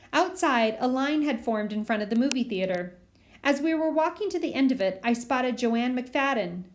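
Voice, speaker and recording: Audiobook reader: a woman with a fairly high voice, steady storytelling. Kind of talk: audiobook reading of a children's novel.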